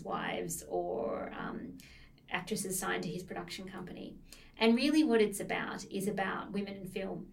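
Gravelly-voiced woman chatting about books. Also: medium pitch, recorded from a distance, a little hiss or hum. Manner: enthusiastic, laughs often while telling stories. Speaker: podcast co-host discussing books. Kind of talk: casual chat.

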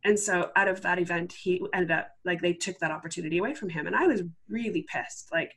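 A woman's voice: on the low side, fast talker, fairly bright tone, slightly rough. Chatty woman telling a personal story. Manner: chatty, full of "like" fillers, acts out her own past words. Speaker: interview guest.

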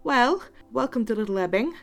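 A woman's voice: a little high, lively intonation, normal speed, voice pushed up. A woman voicing a friendly young village man with a Scottish accent, polite and a bit awkward. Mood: welcoming.

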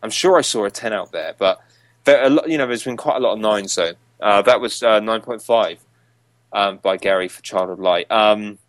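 A young man hosts a casual podcast chat. His voice sits on the low side and sounds dry and close, with no room around it. He rambles loosely and chuckles while reading reviews aloud. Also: normal speed, no echo. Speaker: podcast host.

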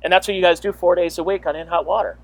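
A man hosts a casual podcast interview, talking in an easygoing, chatty way. His voice is fairly high. The recording is dry and close, with no room sound. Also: fairly even intonation, rapid-fire, no room sound. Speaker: podcast host.

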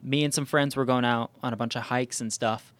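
A man's voice: mid-range voice, fairly even intonation, a little fast, fairly bright tone, no echo. A man hosting a podcast, telling a hiking story in casual chat, with lots of "um" and "like" and frequent restarts. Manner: rambling, many fillers and restarts. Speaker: podcast host.

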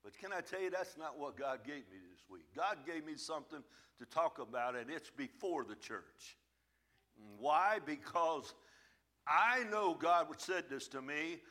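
A man's voice: a little high, animated, a little slow, pushed and bright. A man preaching a sermon in church, emphatic and plain-spoken, his volume swelling and falling back. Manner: folksy, plain-spoken phrasing. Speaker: pastor.

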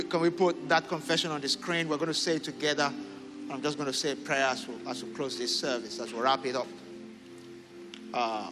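A man pastor leading prayer and having the congregation repeat declarations after him, rising to fervent shouts. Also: a little high. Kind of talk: sermon and prayer. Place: large church hall. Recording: echoing hall with music.

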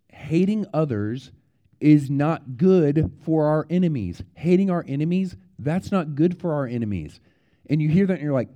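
A male pastor telling a true story to the young ones as a children's sermon, animated, repeating words and shouting out the warnings in the story. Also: fairly high pitch, moderate pace.

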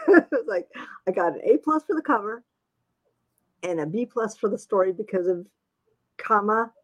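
A woman's voice: medium pitch, lively intonation, normal speed, long pauses. A woman author chatting casually, talkative and self-deprecating, laughing often. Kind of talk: casual chat.

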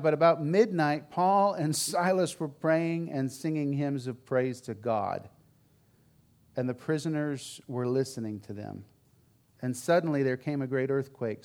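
A man preaching a sermon, telling the story in a candid, conversational way with frank asides, swinging between loud emphasis and quiet, low remarks.

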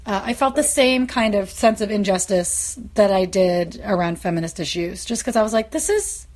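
A woman hosting a podcast, chatting casually and telling lively stories full of quoted voices. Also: medium pitch, moderate pace. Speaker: podcast host. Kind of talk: casual chat.

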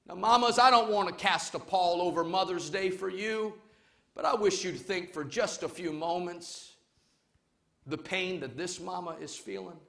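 A male pastor preaching a sermon to his congregation, emphatic, swinging between loud calls and quiet urging. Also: sits high, moderate pace, gravelly. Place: church service before a congregation.

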